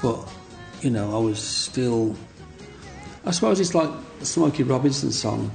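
A man's voice: medium pitch, lively intonation, a little slow, creaky, a little mellow, soft background music. A man, telling long rambling stories about his childhood and often asking "you know what I mean". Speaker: interviewee. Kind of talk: reminiscing storytelling.

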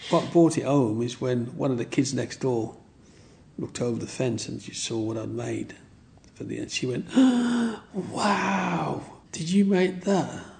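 Gravelly older man reminiscing. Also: mid-range voice, steady tone, moderate pace, a little mellow, a little hiss or hum. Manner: rambling, repeats himself, "you know what I mean". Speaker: interviewee. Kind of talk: reminiscing storytelling.

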